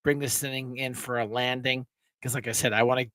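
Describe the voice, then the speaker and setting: A man's voice: mid-range voice, level tone, a little fast, bright, forceful tone, no echo. A man hosting a casual live-stream chat, rambling and laughing with many restarts, his throat a little sore. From Pennsylvania. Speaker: show host.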